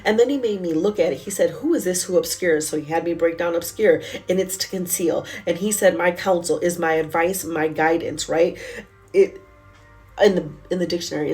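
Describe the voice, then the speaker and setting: A woman's voice: low voice, fairly even intonation, normal speed, a little mellow, faint music behind. A woman giving a candid, emotional spoken devotional, telling her own story in a casual, conversational way. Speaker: Christian speaker.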